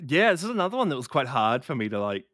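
A man co-hosting a casual film chat, relaxed and rambling, laughing along as he talks. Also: mid-range voice, fast, dry recording, clean studio sound. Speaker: podcast co-host.

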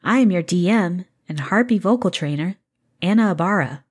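A woman's voice: fairly low pitch, lively intonation, darkish tone, breathy edge. A woman hosting a tabletop game podcast as its game master, reading the intro and chatting playfully with the players. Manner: playful, quick asides. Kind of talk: podcast intro and casual chat.

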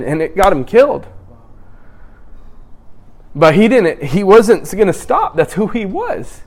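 Animated male preacher, slightly high. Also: moderate pace. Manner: animated, acts out scripture scenes in voices. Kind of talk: sermon.

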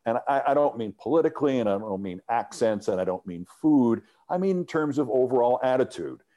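A middle-aged man, a former sports TV host, telling animated anecdotes in an interview and often restarting his sentences. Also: medium pitch, brisk. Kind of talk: storytelling interview.

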